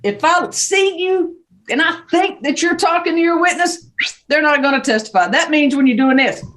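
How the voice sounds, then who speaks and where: A woman judge with a Southern US accent giving brisk, stern and joking courtroom instructions over a video call. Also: high voice, a bit bright.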